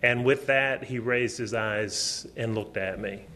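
A man's voice: medium pitch, slow pace. A middle-aged man preaching a sermon in a lecture hall, telling a personal story and acting out the quotes with a raised voice. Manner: animated storytelling, acts out quotes loudly.

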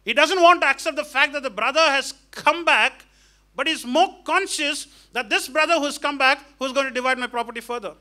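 In a church hall, a male pastor preaches an emphatic sermon, questioning the congregation and acting out the characters of a parable. His voice is very high-pitched, bright, forceful, and fairly quick.

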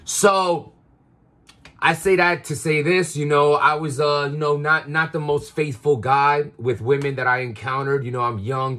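A man's voice: medium pitch, fairly bright tone. A man talking in a casual confessional monologue, rambling with lots of fillers and restarts. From Queens, New York. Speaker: vlogger.

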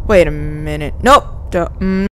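A woman's voice: sits low, a little slow, a bit bright. A young woman hosting a let's play, chatting casually to herself as she plays and getting easily startled. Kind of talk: casual gameplay commentary.

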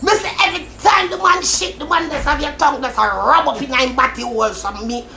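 A woman with a Jamaican Patois accent in a loud, cursing, taunting social media rant. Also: sits high, fairly quick, vocal fry, soft background music. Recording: echoey room with faint noise.

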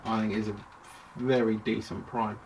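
A man's voice: on the low side, flat delivery, moderate pace. Man rambling through a toy review. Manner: rambling, chatty, self-interrupting. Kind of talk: casual toy review vlog. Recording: distant mic with clear background noise.

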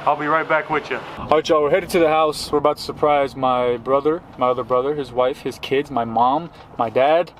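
Excited Southern guy vlogging on the go. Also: on the high side, brisk, few pauses. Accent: Southern American, Tennessee. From Chattanooga, Tennessee, USA. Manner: upbeat, keeps addressing viewers as y'all. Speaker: travel vlogger. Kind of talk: excited casual vlog narration to camera. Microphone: handheld camera mic. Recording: noisy outdoor and travel background.

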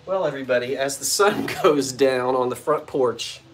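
A chatty, playful man runs a casual live sale, joking with the people watching as he goes. His voice sits at an everyday middle pitch. Faint music plays softly behind him. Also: moderate pace. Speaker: vintage shop owner hosting a live sale stream. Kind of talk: casual live-stream chat. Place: front porch of an old bungalow at sunset.

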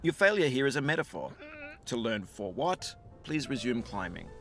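A man voicing a calm, wry game narrator who reads quotations in a measured, philosophical voice-over over music. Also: mid-range voice, vocal fry. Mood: musing. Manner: measured, reads quotes slowly.

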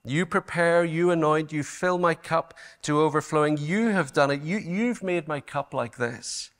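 A man's voice: fairly high pitch, normal speed, fairly bright tone. A man preaching a sermon at a conference, in an earnest, emphatic manner, often repeating words for stress. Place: conference hall.

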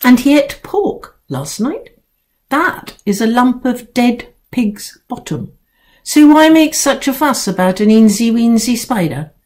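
A woman's voice: a little high, sing-song, measured pace, a little mellow, pitched above the performer's own voice. A woman voicing a grumpy, self-pitying male house cat who talks back with indignant sarcasm.

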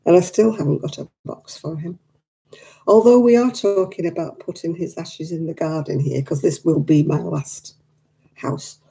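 Gravelly-voiced woman chatting to live viewers. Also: deep voice, moderate pace, mellow, rough recording. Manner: chatty, reads and answers viewer comments; emotional about her late dog. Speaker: craft livestream host. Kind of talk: casual chat with live viewers.

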